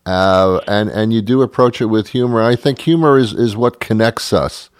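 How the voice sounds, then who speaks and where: A man hosting an interview, relaxed and encouraging with his guest. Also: lowish voice, moderate pace, clear, resonant tone, no room sound. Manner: relaxed, encouraging, laughs easily. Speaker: interview host. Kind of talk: conversational interview.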